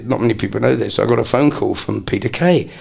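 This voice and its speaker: Gravelly older male comedian. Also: medium pitch, quick pace, darkish tone. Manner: rambling anecdotal storyteller, slips into impressions. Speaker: comedian guest. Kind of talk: casual interview chat.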